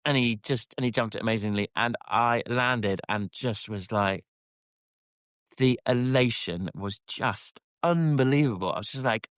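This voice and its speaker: A man's voice: medium pitch, measured pace, a bit bright, clean tone, no echo, studio quality. A man, a rider guest on a podcast, telling his story animatedly, self-deprecating, with lots of restarts. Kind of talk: casual interview chat.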